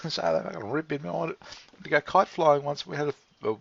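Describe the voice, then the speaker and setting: Gravelly Australian man, rambling. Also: on the high side, lively intonation, fairly quick, background noise. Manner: laughs often, swears, meandering with restarts. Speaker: vlog host. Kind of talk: rambling casual chat. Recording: dull lo-fi recording.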